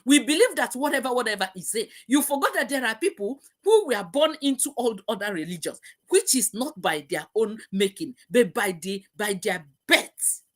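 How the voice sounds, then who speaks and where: A woman's voice: on the high side, very animated, normal speed, hardly any pauses. A middle-aged woman hosting a live talk, speaking passionately and repeating herself as she preaches. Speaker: host. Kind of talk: emotional live-stream talk.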